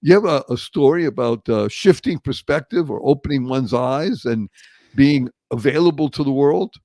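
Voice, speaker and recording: An American man hosting a podcast, asking his guest questions in a quick, offhand, unscripted way. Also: medium pitch, lively intonation, a little mellow, no echo, studio quality. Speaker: podcast host. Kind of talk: casual podcast chat.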